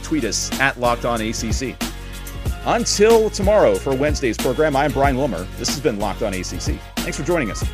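A man's voice: medium pitch, sing-song, a little fast, music in the background. A man hosting a podcast, reading odd news stories with wry, sarcastic asides. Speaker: podcast host. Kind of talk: casual news roundup podcast.

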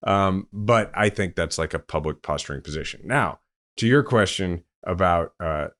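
A man hosting a podcast, explaining political news in a relaxed, chatty way. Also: sits low, moderate pace. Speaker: podcast host. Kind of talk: casual political commentary.

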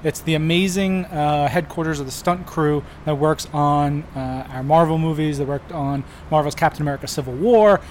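A man reporting as a podcast correspondent, chatting in a lively, teasing way. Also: fairly high pitch, normal speed, hardly any pauses, slight background noise. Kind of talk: casual banter.

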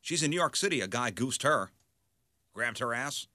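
A middle-aged man co-hosting a radio show, telling stories in casual, animated banter. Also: medium pitch, normal speed, no echo, clean studio sound. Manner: animated storyteller, yells for effect.

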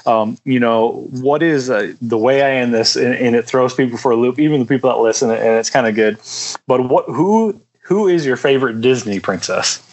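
Give me a male podcast host in casual chat who stumbles over his words, repeats himself, and keeps laughing, with a middle-pitched voice. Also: normal speed, a little mellow, rough recording.

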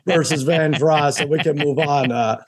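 A man with a Boston accent hosting a sports podcast, joking and self-deprecating in quick casual banter. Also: a little high, breathy edge. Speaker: podcast host.

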